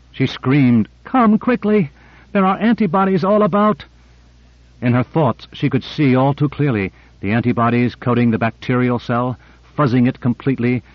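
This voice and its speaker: A man narrating a novel in a measured, even reading voice. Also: mid-range voice, dry recording, highs cut off. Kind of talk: audiobook narration.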